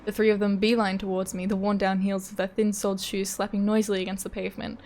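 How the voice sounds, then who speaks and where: A woman's voice: medium pitch, flat delivery, fast talker, a little mellow, a little hiss or hum. A young woman streamer reading a visual novel aloud, breaking off into chatty, swearing asides and frequent laughs.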